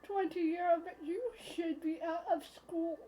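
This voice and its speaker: A woman's voice: very high voice, little pitch movement, moderate pace, noisy background. A woman voicing a brash, upbeat female God, reading a visual novel aloud in a teasing, playful manner.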